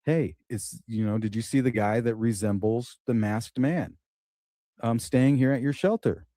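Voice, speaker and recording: A man recounts a story in casual conversation, voicing each person he talks about. His tone is mellow and dark, with a dry, close sound. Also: mid-range voice, unhurried, no room sound. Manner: animated retelling, acts out dialogue.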